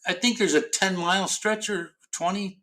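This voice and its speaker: A man's voice: high voice, fairly even intonation, normal speed, sharp tone. A middle-aged man from Ohio in casual chat, rambling with many restarts and fillers and casual swearing. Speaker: podcast host.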